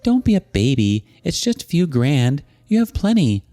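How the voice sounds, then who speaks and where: An entitled young bride who snaps at people and waves off every complaint, as a man puts her on in a storytelling video. Her voice sits much higher than a plain speaking voice and swings around a lot, and there is soft music in the background. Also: very animated, fairly quick. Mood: dismissive. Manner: snappy, brushing things off.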